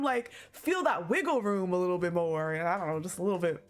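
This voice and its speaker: A woman's voice: medium pitch, brisk, few pauses. A woman streaming her reaction to a game, reading the story aloud and laughing a lot. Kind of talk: casual live reaction.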